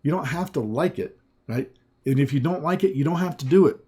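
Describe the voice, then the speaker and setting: A man giving an emphatic sales pitch presentation, using short, repeated punchy phrases, with a slightly scratchy throat. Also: fairly quick, warm tone, husky. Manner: punchy, repetitive, emphatic selling.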